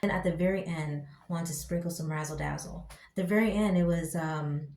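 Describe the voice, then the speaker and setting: A woman reviewing a TV show in casual commentary, ranting in an exasperated, slangy and animated way. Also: sits low, fairly quick. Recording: echoey room.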